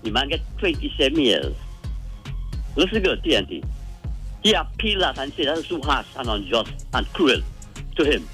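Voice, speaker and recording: A man's voice: mid-range voice, very animated, normal speed, pauses often, a bit bright. Indignant male caller, mid-range voice, light music behind.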